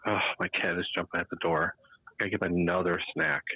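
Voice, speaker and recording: Low-voiced, bright, profane man podcaster. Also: level tone, fairly quick, slightly rough, no echo, low-quality recording. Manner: profane storyteller, mimics voices loudly. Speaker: podcast co-host. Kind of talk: casual chat.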